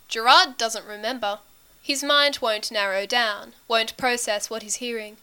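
Bright, clear woman narrating a story. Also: on the high side, steady tone, measured pace. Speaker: reader.

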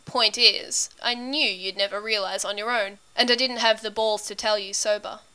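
A woman voicing a teasing, affectionate young man who talks in a low murmuring drawl, in an audiobook reading of a story. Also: steady tone, normal speed, bright, forceful tone, clean tone, natural voice.

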